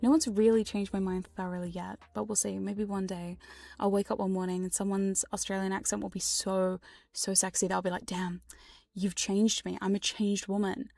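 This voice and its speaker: A woman streamer talking in a soft, rambling whispered role-play, playful and prone to swearing. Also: medium pitch, level tone, a little fast, gravelly, dry recording. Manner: frequent laughs and swearing. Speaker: ASMR streamer. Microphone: binaural ASMR microphone.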